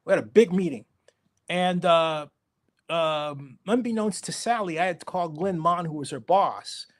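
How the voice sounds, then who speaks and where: A middle-aged man telling stories as an interview guest, animated and acting out the voices of people he quotes. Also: a little high. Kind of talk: storytelling interview.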